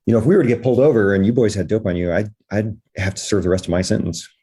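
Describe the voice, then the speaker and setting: A man's voice: lowish voice, rapid-fire, warm tone, slightly rough. A man doing a wary parolee driver. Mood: pressing. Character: gruff suspicious middle-aged male parolee driver.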